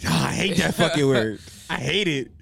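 A man's voice: on the high side, lively intonation, fairly quick, vocal fry, a bit bright, husky. A man hosting a podcast, chatting casually and teasing his guest with jokes, with a slight stutter he admits to. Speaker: podcast host. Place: Philadelphia.

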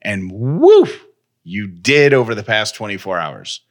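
A man's voice: fairly low pitch, wildly swooping pitch, measured pace. A man co-hosting a podcast in casual chat, rambling and interrupting himself. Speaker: podcast co-host.

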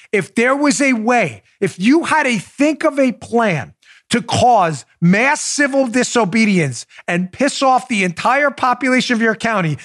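Podcast host, middle-aged man, New York-raised, higher-pitched voice, sarcastic and indignant ranting with quiet confiding asides. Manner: indignant, sarcastic, rapid rhetorical questions; swings to soft, confiding asides. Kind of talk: heated political commentary.

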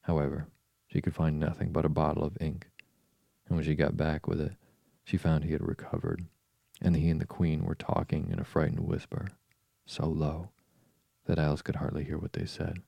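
Deep, gravelly storybook narrator man. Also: flat delivery, normal speed, warm tone, no echo.

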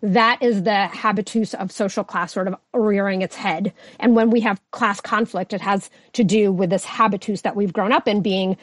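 A woman sociologist explaining her research concepts as a guest on a podcast, in a clear lecture-like way. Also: medium pitch, steady tone, normal speed, few pauses, dry recording. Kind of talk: podcast interview answers.

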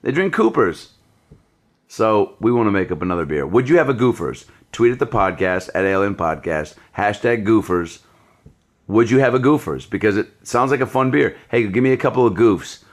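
A man hosting a podcast, chatting casually with profane, joking, animated storytelling. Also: on the low side, moderate pace. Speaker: podcast host. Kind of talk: casual chat.

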